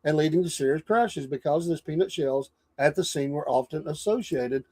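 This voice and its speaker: A man's voice: on the high side, brisk, darkish tone. A man hosting a casual interview, effusive as he thanks and praises his guests. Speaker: interview host.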